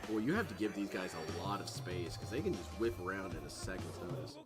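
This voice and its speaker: A man talking over a stealth game with a lively, swooping pitch, wandering from the play into joking side-stories. Game music plays clearly underneath his casual, rambling commentary. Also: fairly quick. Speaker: let's play host. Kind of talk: gameplay commentary.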